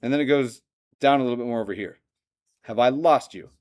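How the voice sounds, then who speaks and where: A man teaching a math lesson to a classroom, lively and joking, often asking the students questions. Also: mid-range voice, brisk. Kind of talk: classroom lecture.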